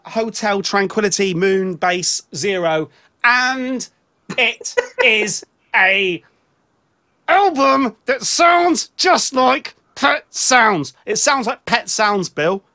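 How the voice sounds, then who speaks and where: A man's voice: high voice, pushed and bright. A British man co-hosting a casual album-review chat over a remote call, rambling and self-mocking with lots of restarts. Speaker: podcast co-host.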